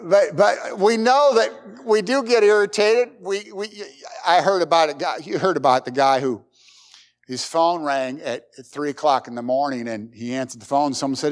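A man's voice: a little high, moderate pace. A middle-aged man preaching a sermon, emphatic, with rhetorical questions and folksy jokes. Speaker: pastor.

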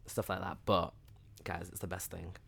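A man's voice: sits low, level tone, moderate pace, vocal fry, a bit bright, husky. A young man, a podcast guest talking openly and casually, with lots of "like" and "literally". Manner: chatty and open, often says "like" and "literally". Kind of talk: casual chat.

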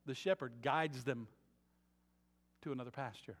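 A man preaching a sermon as a pastor, moving between quiet earnest passages and loud emphatic ones. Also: a little high, normal speed, big-room sound. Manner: dynamic preaching, swings from soft to loud emphatic.

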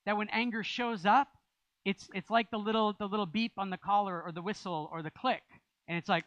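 A man's voice: sits high, lively intonation, moderate pace, a bit bright, no echo, highs cut off. A man preaching a sermon as pastor, in a conversational style with rising emphasis.

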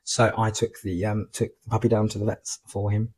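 A man's voice: fairly low pitch, flat delivery, brisk, a little mellow, slight background noise. A man, co-hosting a local podcast in a chatty, rambling, playful way. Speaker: podcast co-host. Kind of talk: casual chat and mock news reading.

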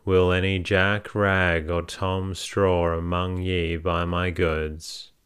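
Man voicing a gruff drunken hay-trusser. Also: low-pitched, level tone, slow pace, fairly bright tone. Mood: scornful. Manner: blunt, scornful, stubborn. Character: gruff drunken male hay-trusser selling his wife.

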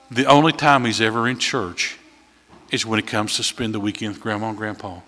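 A man preaching a sermon in a folksy storytelling way, voice swelling louder at key points. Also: on the low side, steady tone, brisk. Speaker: visiting preacher. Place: church sanctuary. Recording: long hall reverb.

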